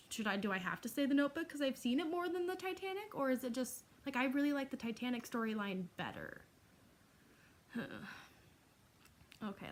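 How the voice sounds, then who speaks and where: Young woman, casual Q&A vlogger, chatty and a little higher-pitched, lots of "um" and "like". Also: fairly bright tone. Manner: chatty, laughing, with frequent "um" and "like". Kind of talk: casual Q&A vlog.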